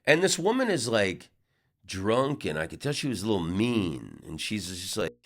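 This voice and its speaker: A middle-aged comedian tells a loose, rambling story in a low-pitched voice. His intonation swings up and down, and he keeps circling back with fillers and false starts. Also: very animated, moderate pace. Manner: rambling, with many restarts and fillers. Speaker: comedian and podcast host. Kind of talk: casual storytelling monologue.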